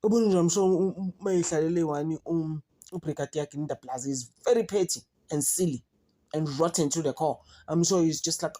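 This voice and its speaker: South african woman ranting about a court case, low mellow voice, switches english and zulu, fired up. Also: a little fast. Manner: outspoken, exasperated, animated. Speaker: commentary vlogger. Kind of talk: casual commentary mixing English and Zulu.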